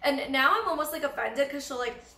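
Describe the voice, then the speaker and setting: Bubbly high-pitched Canadian woman vlogger. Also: brisk, reverberant, a crowd in the background. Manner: bubbly, chatty, fashion-loving, many "like" fillers. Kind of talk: casual chat.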